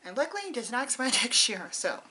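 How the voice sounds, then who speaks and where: Woman vlogger, bright tone, casual and candid, rambling talk to viewers. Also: fairly high pitch, very animated, fast, poor audio. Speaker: beauty vlogger. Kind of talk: casual chat to camera.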